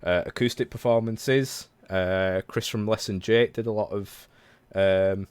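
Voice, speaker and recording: A man's voice: on the low side, fairly even intonation, a little slow, darkish tone, smooth, no echo. A man in his thirties hosting a casual livestreamed podcast, talking in a rambling, chatty way full of self-corrections. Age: 30s. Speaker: podcast host.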